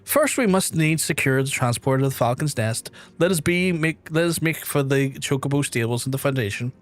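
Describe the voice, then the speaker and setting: A man's voice: medium pitch, fairly quick, soft background music, natural voice. A man voicing a proud young noble knight, reading the lines in a stiff, formal way and stumbling over some words.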